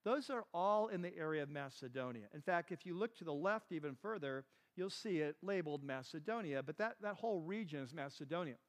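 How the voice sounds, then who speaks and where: Man preaching, high voice, conversational teaching, asks the room questions, casual fillers. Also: lively intonation, a little fast, few pauses. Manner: chatty, asks the listeners questions, says "like" and "right" often. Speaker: pastor teaching a Bible class.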